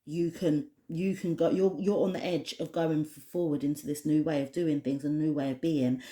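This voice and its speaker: A woman from the United Kingdom talks through an oracle card reading in a chatty, passionate way, with many restarts. Her voice is low and mellow, and the room gives it a clear echo. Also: fairly even intonation, moderate pace. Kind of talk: casual spoken card reading to camera.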